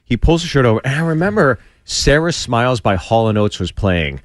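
A male comedian telling a long story as a studio guest, animated and acting out the voices of the people in it. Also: mid-range voice, a little fast, no room sound. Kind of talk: storytelling on a podcast. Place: radio studio. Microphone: studio microphone.

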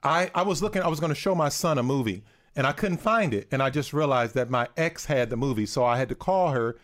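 A man's voice: medium pitch, lively intonation, fast, fairly bright tone. An American man hosts a call-in show in a middling voice. His delivery is loose and jokey, and he often restarts his sentences. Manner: joking, loose, repeats himself. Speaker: podcast host. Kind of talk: casual call-in podcast chat.

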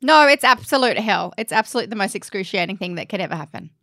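A woman hosting a podcast, bubbly and quick to laugh. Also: mid-range voice, expressive, a bit bright, no echo, clean studio sound. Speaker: podcast host. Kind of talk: casual chat.

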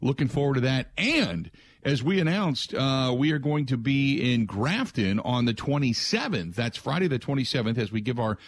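Speaking at normal speed with a medium pitch, a man hosts sports talk radio from a studio. The dry recording captures his animated, rhetorical delivery as he mocks the responses he expects.

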